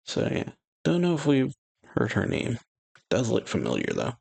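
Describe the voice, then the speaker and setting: A man hosting a reaction channel, casually reading a manga chapter aloud in a relaxed, halting way full of "yeah" fillers. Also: medium pitch, vocal fry, husky, no room sound. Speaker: anime reaction channel host.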